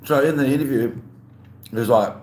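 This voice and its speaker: A man's voice: mid-range voice, normal speed, darkish tone. Laid-back Australian man, roomy echo. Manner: laid-back, rambling, answers chat messages aloud. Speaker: livestream host. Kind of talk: casual live chat, greeting viewers while eating. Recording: roomy echo with faint background hum.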